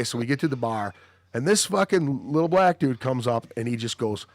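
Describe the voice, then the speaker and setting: A man's voice: mid-range voice, lively intonation, fairly quick, no room sound. A man hosting a podcast, telling rambling stories in casual chat and swearing constantly. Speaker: podcast host.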